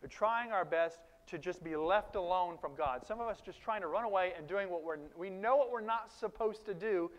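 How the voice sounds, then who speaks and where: A man preaching a sermon in a conversational, animated way, with sudden loud emphases and quiet asides to the congregation. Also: sits high, lo-fi sound. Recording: long reverb of a large hall.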